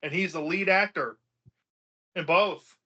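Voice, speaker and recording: Animated, bright-voiced man on a podcast. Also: a little high, unhurried. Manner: animated, laughs often, many fillers. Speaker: podcast co-host. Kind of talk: casual review chat. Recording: dull lo-fi sound.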